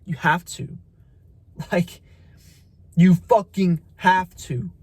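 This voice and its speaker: A young man delivers a preachy motivational rant straight at the listener. His voice sits high and sounds dry, with no room around it. He swears bluntly and keeps calling the listener "bro" and "brother.". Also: fairly even intonation, extremely slow, slightly rough, no echo. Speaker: motivational content creator.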